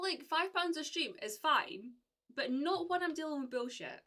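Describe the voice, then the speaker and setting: A young woman from the UK talks casually to her live stream viewers, with a bright, slightly high voice. She rambles, piling up fillers and restarting her sentences as she goes. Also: expressive, normal speed.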